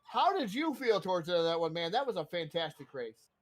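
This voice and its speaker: A fairly high-voiced man runs the post-race interviews for an online racing broadcast. He talks in an upbeat, hurried way and sounds slightly winded. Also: very animated.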